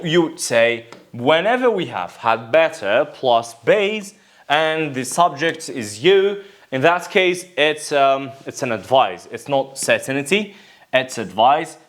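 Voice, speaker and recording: A man's voice: mid-range voice, expressive, measured pace. A man with a Kurdish accent teaching an English exam lesson, patiently explaining each option and answering his own questions. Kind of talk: recorded exam-prep lesson.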